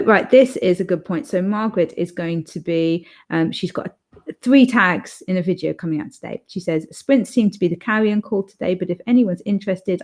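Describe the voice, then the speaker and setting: A woman's voice: on the low side, darkish tone. A young woman hosting an author livestream, chatting casually and reading viewer comments aloud, rambling with fillers and restarts.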